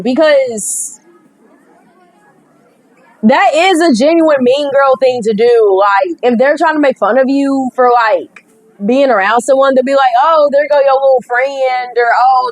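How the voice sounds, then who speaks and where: A young woman with a high, bouncy voice reads game dialogue aloud and snarks at it between lines. She talks slowly and trips over her words now and then. The sound is close and dry. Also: no echo, low-quality recording. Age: young adult. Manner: sassy, joking, stumbles over words. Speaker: gaming content creator. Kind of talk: reading a dating sim aloud with casual commentary.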